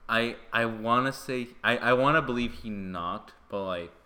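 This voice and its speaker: A man's voice: mid-range voice, moderate pace, bright, forceful tone. A man telling a story in casual podcast chat, rambling and filling his speech with "like" and "you know".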